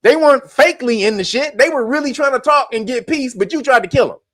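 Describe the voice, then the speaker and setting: A man's voice: very high voice, a little fast, fairly bright tone, no echo. A man hosting a commentary show, talking bluntly and profanely, laughing often and mocking what he reads. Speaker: commentary podcast host.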